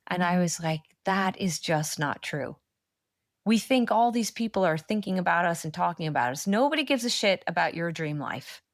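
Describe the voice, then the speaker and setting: Animated woman coach, dry sound. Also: on the low side, no room sound. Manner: animated storyteller, quick asides with frequent "like". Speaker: manifestation coach, podcast guest. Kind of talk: casual podcast interview chat.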